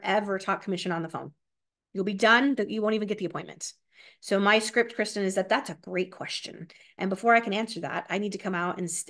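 A woman runs a live sales training session in a lively, chatty way. She often ends her points with a quick tag question to the room. Now and then she reads sales scripts aloud. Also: medium pitch. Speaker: real estate sales trainer. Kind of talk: live classroom training talk.

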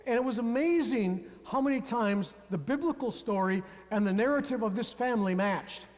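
High-voiced male pastor in reverberant church. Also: normal speed. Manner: storytelling, addressing the congregation directly. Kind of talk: sermon. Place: church sanctuary.

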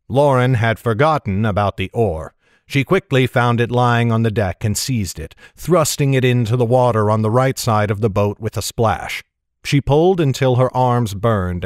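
A man giving steady, measured narration of a fantasy story. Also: mid-range voice, no echo, studio quality. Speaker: audiobook narrator.

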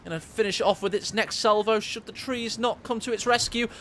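Male caster, high-pitched, playful anecdotal delivery over faint noise. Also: steady tone, fairly bright tone. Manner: jokey, storytelling, quick to laugh. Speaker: game commentator. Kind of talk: video game commentary.

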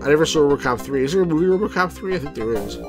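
A man hosting a casual let's play, rambling through his thoughts with plenty of fillers and little chuckles. His voice sits a touch higher than most men's. Faint game music plays quietly behind him. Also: animated, rapid-fire. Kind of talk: casual gameplay commentary.

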